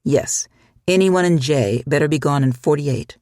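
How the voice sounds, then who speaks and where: A reader voicing a tired young male town cop who asks blunt, gruff questions, in a storybook reading. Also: mid-range voice, a little slow, a little mellow, dry recording, studio quality, close to an everyday voice. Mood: curt.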